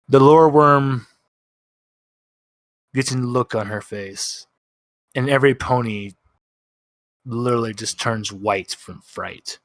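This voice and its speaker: A man narrating a tabletop role-playing session as game master, telling the story slowly and dramatically and voicing the characters' lines. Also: medium pitch, fairly even intonation, a bit bright, dry recording, studio quality. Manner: slow, dramatic storytelling with voiced quotes.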